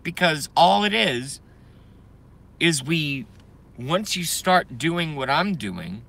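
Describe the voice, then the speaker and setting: A man's voice: on the high side, sing-song, slow, creaky, sharp tone. Angry man ranting on a live stream. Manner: angry, profane ranting with sudden outbursts and apologies. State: voice going hoarse from ranting and smoking.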